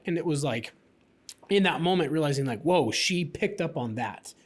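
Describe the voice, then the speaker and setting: A man's voice: fairly high pitch, fairly quick. A man in his thirties, co-hosting a podcast, telling a personal story in a chatty way full of fillers. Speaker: podcast co-host. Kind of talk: casual podcast conversation.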